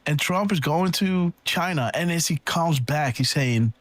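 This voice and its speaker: A man hosting a live decode show, rambling excitedly and thinking aloud, checking in with "right?" and "okay.". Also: fairly high pitch, a little slow, dry recording, soft background music. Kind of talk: casual live-stream commentary.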